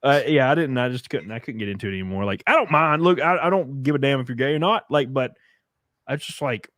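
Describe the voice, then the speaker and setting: A man hosting a podcast in casual chat, rambling and swearing, his voice jumping up when he gets excited. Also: mid-range voice, quick pace, dry recording, studio quality. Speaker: podcast host.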